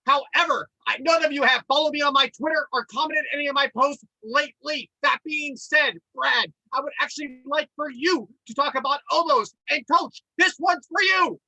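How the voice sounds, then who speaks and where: A man putting on the voice of a pompous, stiffly formal gentleman fan who calls everyone Mister, as a comedy bit on a podcast. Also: very high voice, moderate pace, few pauses, no echo, full character voice, rough recording.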